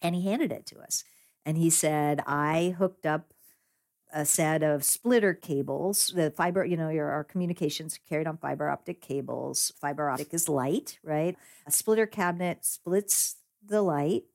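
A woman guest telling a story in a lively, conversational way, with frequent restarts and laughter. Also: deep voice, moderate pace, gravelly. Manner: animated, laughs often, many restarts. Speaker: guest, digital rights lawyer.

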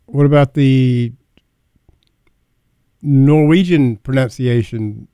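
Smooth-voiced male radio host. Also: mid-range voice, slow, warm tone, no echo. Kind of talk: casual talk radio chat.

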